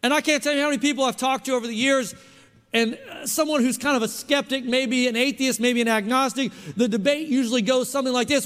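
High, bright-voiced male preacher. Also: fairly quick. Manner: emphatic, keeps asking the congregation questions. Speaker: pastor. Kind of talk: sermon. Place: church hall. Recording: long hall reverb.

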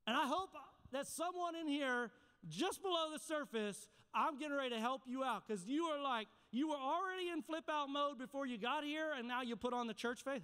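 A pastor preaching with passion and drama in a church, his high voice clear and smooth. The sound rings out in a long hall reverb, and he keeps asking his congregation questions. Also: moderate pace, fairly bright tone. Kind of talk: sermon. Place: church sanctuary.

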